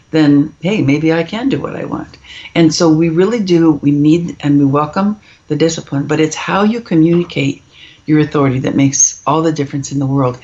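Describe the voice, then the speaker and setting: A woman's voice: low voice, a little mellow. Middle-aged lady guest on a podcast, emphatic, tells stories, kinda muffled lo-fi sound. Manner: emphatic, storytelling, acts out quoted kids and parents. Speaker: parenting author guest. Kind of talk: podcast interview.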